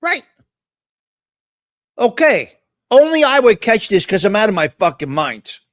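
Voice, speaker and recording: A man's voice: high-pitched, unhurried. A man hosting a live stream, ranting in casual, profane chatter. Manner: profane, excitable rants. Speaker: host.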